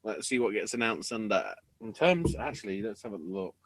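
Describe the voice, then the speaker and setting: A man's voice: lowish voice, moderate pace, no echo. Sweary man on a dry mic. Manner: sweary, bursts into excited shouts. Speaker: podcast co-host. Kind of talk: casual chat.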